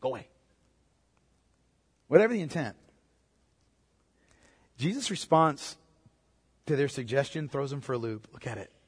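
A middle-aged man preaching a sermon, conversational and animated, with joking asides. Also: mid-range voice, normal speed, long pauses, slightly rough. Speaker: pastor. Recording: reverberant hall.

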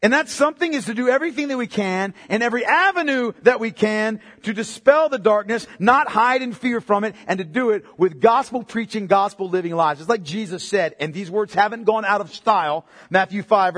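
A man preaching a sermon in a high voice, his words ringing out in a hall with a long echo. He is impassioned, pushing up loud in places and dropping low and quiet to stress a point. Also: fairly quick, hardly any pauses. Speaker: pastor.

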